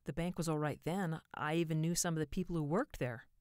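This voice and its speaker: A woman's voice: low voice, fairly even intonation, brisk, a little mellow, no echo, studio quality, natural voice. A woman voicing an anxious, shaken young man who talks in a breathless, hesitant way.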